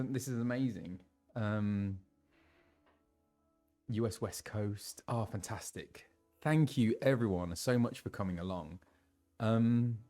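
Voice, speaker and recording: Still getting over laryngitis, this young English man has a dark tone and a voice a little lower than normal. He chats away on his live stream, welcoming viewers and reading out their messages with laughter and filler words.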